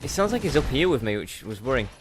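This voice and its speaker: A man's voice: mid-range voice, very animated, quick pace, noisy background. A man hosting a let's play, giving chatty, self-mocking commentary as he plays and talking back to the game. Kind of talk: gameplay commentary.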